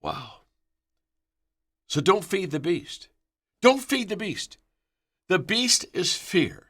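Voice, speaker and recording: A man's voice: high-pitched, big pitch swings, takes it slowly, a bit bright, slightly rough. A man giving a motivational leadership talk, repeating key phrases for emphasis and telling stories. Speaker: leadership speaker.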